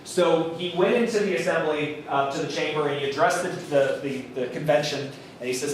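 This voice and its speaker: High-voiced man lecturing in an echoey classroom. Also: fairly quick, few pauses, recorded from a distance, slight background noise. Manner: casual, storytelling, swears and laughs with students. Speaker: college history lecturer. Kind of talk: lively classroom lecture with acted-out quotes. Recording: echoey classroom recorded from afar.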